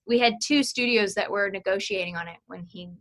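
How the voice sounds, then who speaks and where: A woman with a bright, crisp voice explains sales technique as an interview guest. She is chatty and explanatory and tosses in quick asides. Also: mid-range voice. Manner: chatty, demonstrates phone tonality with quick asides. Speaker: sales training consultant.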